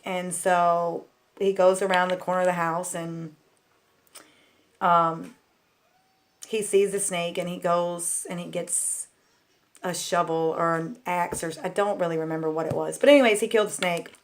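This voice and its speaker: A woman's voice: lowish voice, steady tone, normal speed, fairly bright tone. A woman telling childhood stories to her viewers in a casual, rambling way, full of "like" and "um". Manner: chatty and candid, talks straight to viewers. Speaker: vlogger. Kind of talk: casual storytelling.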